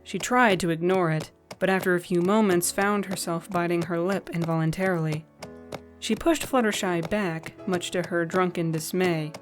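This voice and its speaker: A woman narrating a fan-fiction story in a gentle, even reading style. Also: lowish voice, moderate pace, faint music behind.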